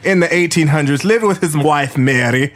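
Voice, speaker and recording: A man's voice: fairly high pitch, moderate pace. A man, the show's producer, telling a silly comic story on a podcast and laughing through it. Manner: lively, sing-song list of names.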